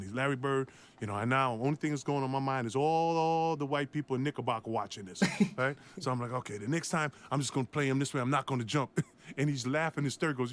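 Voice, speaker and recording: A middle-aged man, a former basketball player, telling a story with lively acted-out voices. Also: a little high, fast. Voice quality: animated, acts out voices in the story.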